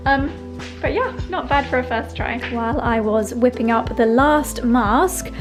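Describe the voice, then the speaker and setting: Chatty woman vlogging at home. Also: a little high. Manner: chatty and upbeat, addresses viewers as darlings. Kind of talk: casual vlog chat. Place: home and garden.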